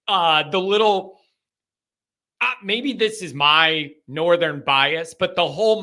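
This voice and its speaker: A man hosts a live call-in sports show in a high, forceful voice. He talks bluntly and rants with heat. His tone is sharp and direct. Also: expressive, slow. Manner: blunt, heated ranting. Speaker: show host.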